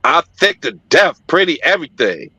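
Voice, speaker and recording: Forceful middle-aged man, heartfelt storyteller. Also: on the high side, sing-song, normal speed, breathy edge, dry recording. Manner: emphatic, profane, heartfelt retelling. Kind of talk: casual storytelling in conversation. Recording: dull lo-fi audio, dry.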